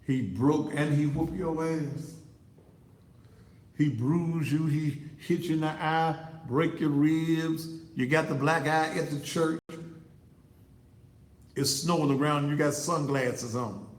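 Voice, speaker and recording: A man giving blunt, fiery advice in a preaching-style monologue, repeating words in bursts and swooping up high. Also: steady tone, slow. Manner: blunt, street-talking advice. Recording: roomy, echoey sound.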